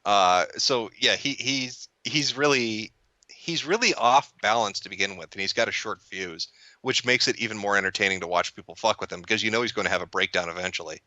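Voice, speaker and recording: A man guesting in a casual chat rambles and swears, stumbling through restarts and often laughing mid-sentence, clearly amused. His voice is lowish and sharp-toned, a little fast, with no echo.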